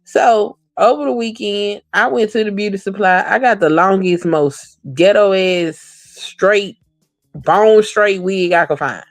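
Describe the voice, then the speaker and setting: A woman's voice: medium pitch, unhurried, no echo, soft background music. A woman co-hosting a casual talk show, telling blunt, profane stories from her working life. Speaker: podcast co-host. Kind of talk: casual chat.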